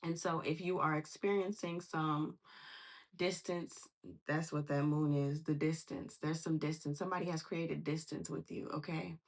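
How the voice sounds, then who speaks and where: Husky-voiced woman giving a slangy tarot reading. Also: sits low, moderate pace. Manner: animated, slangy, acts out quoted voices. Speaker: tarot reader. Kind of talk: casual tarot reading monologue.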